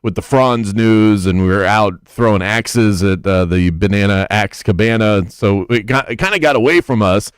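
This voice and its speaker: Low-voiced, opinionated sports radio host. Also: male voice, normal speed, hardly any pauses, clear, resonant tone, no echo, clean studio sound. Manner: opinionated, wry, tangents into stories. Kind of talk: sports talk radio banter. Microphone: studio microphone.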